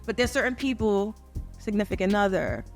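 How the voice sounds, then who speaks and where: A woman's voice: medium pitch, animated, moderate pace, vocal fry, faint music behind. A woman in her thirties co-hosting a podcast in casual chat, assertive and blunt, telling stories with profanity. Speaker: podcast co-host.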